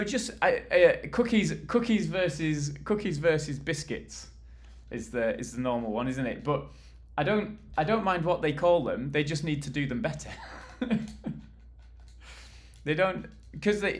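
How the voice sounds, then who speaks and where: A British man from the UK chatting casually with viewers on a live stream, rambling and laughing easily while he assembles furniture and moves around. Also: medium pitch. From United Kingdom.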